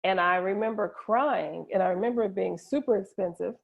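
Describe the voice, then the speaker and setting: A middle-aged woman speaks openly as an interview guest, her voice gravelly with fry. She tells her own story with feeling, often stopping and restarting. The audio is dull and lo-fi. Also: mid-range voice, a little fast. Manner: emotional, personal storytelling with frequent restarts. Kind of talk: candid conversational interview.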